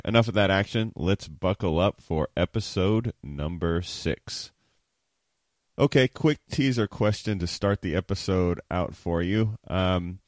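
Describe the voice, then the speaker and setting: A man's voice: deep voice, dry recording, studio quality. A man hosting a podcast in a casual, chatty and upbeat monologue. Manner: chatty and upbeat, laughs easily. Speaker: podcast host.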